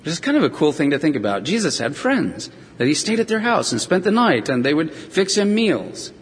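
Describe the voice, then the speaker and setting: A man with a somewhat high, husky voice preaches a sermon. He tells the stories with feeling and now and then speaks in the voices of the people in them. His words ring out in a large hall with long reverb. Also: big pitch swings, brisk. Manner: storytelling, acts out voices of scripture figures.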